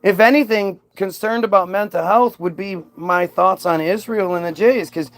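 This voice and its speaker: Soft music plays behind a man who sarcastically rants at his livestream chat, answering comments with combative mockery. His voice sits high and moves at a moderate pace.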